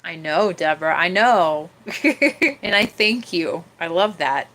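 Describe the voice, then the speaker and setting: A young woman chatting casually on her livestream, often cooing at her cat in a soft baby-talk voice. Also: fairly low pitch, measured pace. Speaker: livestream host.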